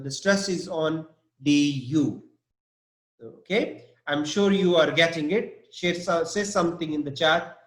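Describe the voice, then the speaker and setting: A male English teacher gives a live online vocabulary lesson, speaking at a slow, deliberate pace and often checking in with his class. His voice sits a little high for a man, and the recording has a noticeable room echo. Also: a bit bright. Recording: echoey room.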